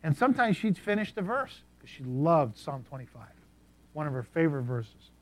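Male preacher, a little high-pitched, sermon storytelling, animated with soft-to-loud swings. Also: normal speed.

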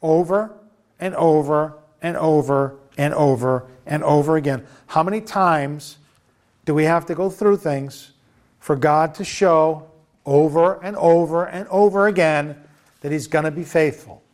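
A man's voice: on the high side, a little slow, darkish tone. A man preaching a sermon, emphatic, who repeats phrases and asks the listeners questions.

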